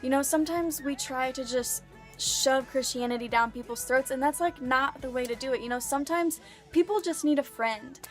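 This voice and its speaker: A woman's voice: sits high, normal speed. Chatty young woman, faint music behind. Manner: chatty, frequent "like" fillers, earnest. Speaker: vlogger. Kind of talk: casual storytelling.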